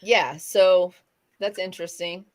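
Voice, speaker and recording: A woman's voice: lowish voice, fairly even intonation, slow pace, darkish tone. A middle-aged woman co-hosting a casual chat, rambling and correcting herself as she talks. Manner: chatty, rambling, self-correcting. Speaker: co-host.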